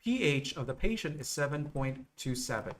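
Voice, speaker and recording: A man teaching nursing exam material on a live stream, explaining slowly and checking in with viewers often. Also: fairly high pitch, lively intonation. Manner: slow, repetitive explaining with frequent okay and right checks.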